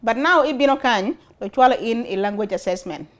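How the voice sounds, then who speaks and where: A woman's voice: on the high side, expressive, fast. Earnest woman with an Acholi accent. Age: adult, studied and worked before emigrating. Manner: earnest, with rhetorical questions to viewers. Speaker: talk show host. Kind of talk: casual talk to camera.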